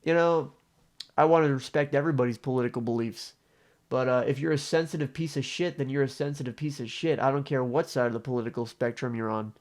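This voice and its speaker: A young man venting about a shift at work in a loose, rambling storytime rant. He swears constantly and loses his thread with fillers, at an ordinary middle pitch. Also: darkish tone. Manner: profane, rambling, frequent fillers. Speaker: vlogger.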